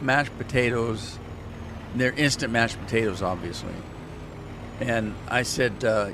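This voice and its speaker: Man, casual livestream gamer, self-mocking, chatty with viewers, middle pitch, faint background noise. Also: moderate pace. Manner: chatty, self-mocking, talks to chat, hums while playing. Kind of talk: casual gaming livestream commentary.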